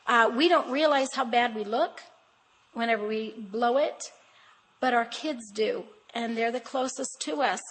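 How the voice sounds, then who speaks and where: An older woman with a slightly high voice gives a conversational, sermon-like talk to a room of women. She speaks directly to her listeners, emphatic and homespun, weaving in stories about her own family. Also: measured pace, breathy edge, low-quality recording. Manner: chatty and emphatic, addressing the audience directly; homespun storytelling with family anecdotes. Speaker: guest speaker at a women's conference.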